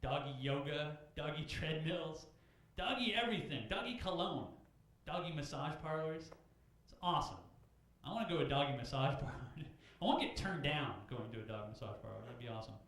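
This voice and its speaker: A man performing stand-up on a club stage, his voice swinging widely up and down. He sits a little high for a man, and the room rings with strong echo. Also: fairly quick. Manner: animated, shouts high-pitched bits for characters. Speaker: open mic comedian. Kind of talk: stand-up comedy set.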